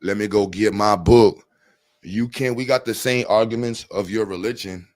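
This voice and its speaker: A man's voice: on the low side, moderate pace, darkish tone. A man hosting a casual live stream, talking in slang and reading chat messages aloud to answer them.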